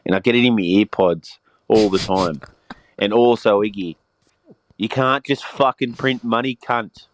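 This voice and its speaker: A man's voice: fairly low pitch, measured pace, dry recording. A man leaving a laid-back voice message with casual swearing. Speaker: voice message sender.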